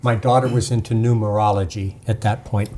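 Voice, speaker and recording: A man's voice: on the low side, steady tone, brisk, dark tone, slight background noise. A man who is a novelist, a podcast guest telling stories in an easygoing way with dry humor. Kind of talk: casual interview chat.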